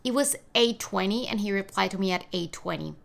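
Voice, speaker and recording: A woman in her twenties chatting excitedly in a casual vlog from her bedroom, gushing and rambling with lots of fillers. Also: mid-range voice, brisk, vocal fry. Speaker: vlogger.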